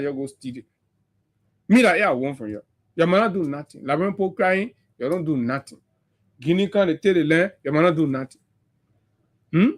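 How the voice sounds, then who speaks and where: A man with a Liberian English accent, hosting a radio talk show and delivering impassioned political commentary full of mockery and rhetorical questions. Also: high voice.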